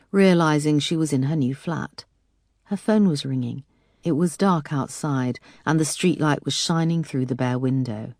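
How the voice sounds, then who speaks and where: A woman narrating a detective thriller audiobook in a measured, dramatic way. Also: deep voice, dark tone, dry recording, clean studio sound.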